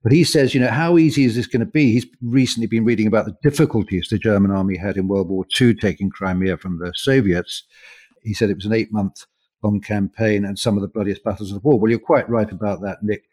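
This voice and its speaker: A man with a fairly low voice reads listener mail aloud on a podcast. He chats along easily and breaks off to add his own asides between the quotes. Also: fairly even intonation, fast talker, a little mellow. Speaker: podcast co-host. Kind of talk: reading listener messages.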